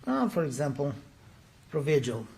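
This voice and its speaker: A man's voice: fairly high pitch, very animated, normal speed, creaky, darkish tone. A man working as a defense attorney, cross-examining a witness in a courtroom with pressing, leading questions.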